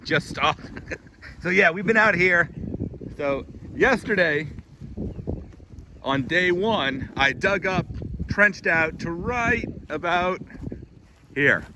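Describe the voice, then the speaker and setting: A slightly high-voiced man talks his way through a garden project outdoors, chatty and a little out of breath. Faint outdoor noise sits behind him. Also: a bit bright. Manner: chatty, explains as he works. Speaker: homestead vlogger. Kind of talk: casual outdoor how-to vlog.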